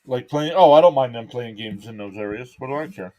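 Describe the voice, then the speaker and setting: Casual male stream caller, mid-pitched, relaxed play-by-play mixed with chat. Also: a little fast, a little hiss or hum. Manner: relaxed, chatty, reads viewer comments aloud. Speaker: live stream baseball commentator.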